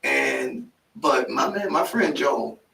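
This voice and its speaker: Gravelly-voiced man hosting in an echoey room. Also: medium pitch, takes it slowly. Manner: animated, frequent affirming "mm-hmm", restarts when excited. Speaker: podcast host and life coach. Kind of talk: casual interview chat. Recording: echoey room, mic at a distance.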